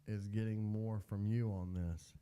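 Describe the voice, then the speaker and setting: A man's voice: on the low side, little pitch movement, measured pace, warm tone, clean tone. A young man co-hosting a radio show in casual banter, with a dry, teasing manner.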